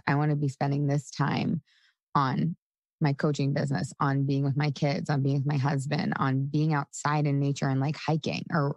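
A woman's voice: extremely low pitch, no echo. A woman in her thirties, a coach and podcast guest, talking casually with lots of "like" fillers and frequent laughs. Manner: chatty, full of "like" fillers, laughs often. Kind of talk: casual interview talk.

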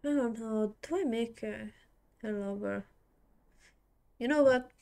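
A woman's voice: on the high side, unhurried, creaky, darkish tone, smooth. A woman casually commenting on her gameplay, talking to her character and laughing often. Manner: talks to her game character, laughs a lot. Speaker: gaming channel host.

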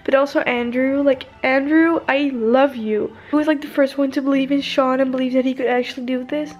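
Young woman, high voice, excitable, casual vlog chat, lots of "like". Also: a little fast. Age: young adult. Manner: gushing and excitable, full of "like" fillers. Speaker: vlogger.

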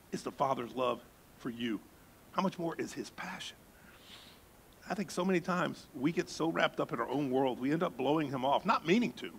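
A male pastor preaching a sermon in an animated way, with joking asides and bursts of emphasis. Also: sits high.

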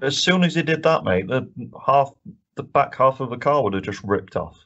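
A man's voice: medium pitch, animated, normal speed, a bit bright. A man co-hosting a casual film review podcast, ranting and swearing often with frequent laughs. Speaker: podcast co-host. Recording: dull lo-fi podcast audio.

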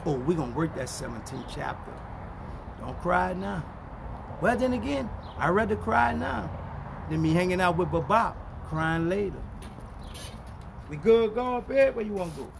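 A strikingly high, creaky-voiced male pastor delivers an animated, preachy street-style Bible teaching. His volume swings from hushed mutters to shouts, scripture is read in slow, emphatic bursts, and a faint hum sits under the audio.

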